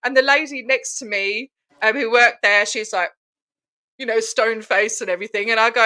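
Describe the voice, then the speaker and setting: An Australian woman telling a story over a video call in a casual chat, animated and laughing often, acting out the other people in it. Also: a little high, fairly quick. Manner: animated, laughing, mimics voices in retelling. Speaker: guest protester.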